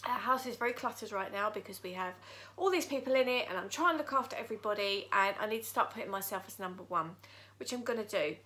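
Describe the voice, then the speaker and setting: Woman vlogger, bright tense voice, shaken but candid, talking to camera from her living room. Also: mid-range voice, expressive. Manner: emotional, halting, candid. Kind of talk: personal vlog talking to camera.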